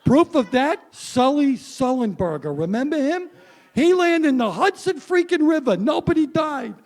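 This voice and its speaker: High-voiced wry stand-up man. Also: very animated, moderate pace. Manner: punchy, wry, addresses the crowd. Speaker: stand-up comedian. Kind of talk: stand-up comedy set. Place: stage before a live audience.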